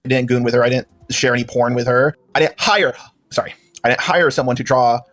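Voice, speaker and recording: A man's voice: mid-range voice, a little fast, fairly bright tone. A man interviewed on a call, answering defensively with many hedging fillers. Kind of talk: recorded call conversation.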